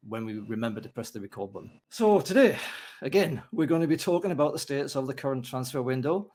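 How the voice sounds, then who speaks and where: Aussie male host, loose and profane banter, average-pitched voice. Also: darkish tone, slight background noise. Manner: chatty, joking, profane, many fillers. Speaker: podcast host. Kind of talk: casual podcast chat.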